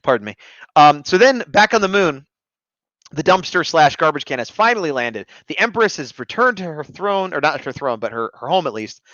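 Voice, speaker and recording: A man's voice: on the high side, sing-song, moderate pace, fairly bright tone, dry recording. A man co-hosting a casual review chat, easygoing and laughing often. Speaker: podcast co-host. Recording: slightly muffled lo-fi mic.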